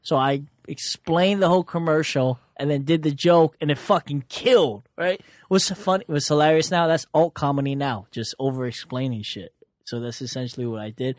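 Young man, dry sarcastic storyteller, swears freely, slightly high voice, dry close sound. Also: fairly even intonation, moderate pace, dry recording. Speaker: comedian guest. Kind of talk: casual storytelling chat.

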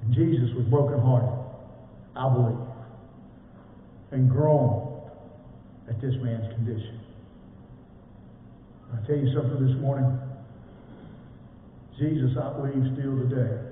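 A pastor preaching in a big echoing church hall, heard from across the room. The sound is thin and phone-like, with faint ambience behind him. He tells folksy stories, rising loud and falling to a hush. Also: medium pitch, unhurried, pauses often, a little hiss or hum. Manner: folksy storytelling, swelling then dropping to a hush. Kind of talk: sermon. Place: church sanctuary. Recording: echoey hall from far off, tinny phone-like sound.

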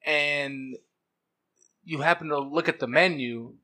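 A man's voice: fairly high pitch, slow, pushed and bright. A man co-hosting a casual podcast, rambling through stories with many restarts and hesitations. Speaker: podcast co-host.

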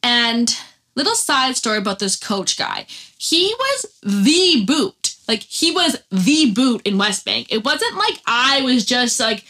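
A young woman tells a personal story in a casual, animated way, swearing freely as she goes. Her voice sits a little high and sounds bright and forceful. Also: slow pace. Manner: animated, heavy swearing, laughs mid-story.

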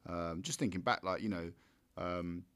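A man co-hosting a casual film review chat, rambling with halting restarts and blunt swearing. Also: sits low, a bit bright, clean tone. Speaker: podcast co-host.

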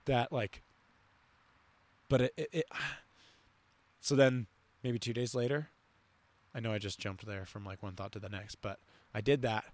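A man's voice: medium pitch, fairly even intonation, a little slow, long pauses. A young man hosting a podcast, talking casually and rambling with lots of fillers and restarts. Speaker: podcast host. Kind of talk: casual conversation.

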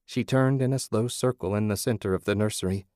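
Low-voiced male audiobook narrator. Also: a little fast, warm tone, dry recording, studio quality.

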